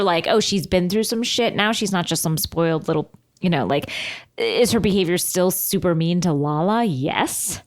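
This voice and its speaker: A woman co-hosting a podcast, chatting and gossiping frankly with plenty of swearing. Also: lowish voice. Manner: frank, profane and animated. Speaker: podcast co-host. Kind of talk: casual gossip chat.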